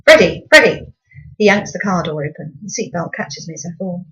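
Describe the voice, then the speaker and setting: A woman's voice: lowish voice, fairly quick, a bit bright, highs cut off. A woman reading her own novel aloud in first-person storybook narration, with a dry, wry tone.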